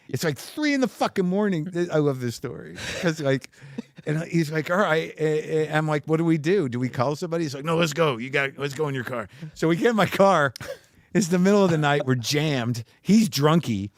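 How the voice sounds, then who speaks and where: A man's voice: a little high, a little fast, no room sound, studio quality. A male comedian telling a wild story in casual chat, swearing and acting out what others said. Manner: animated storyteller, swearing, acts out quotes. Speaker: guest comedian.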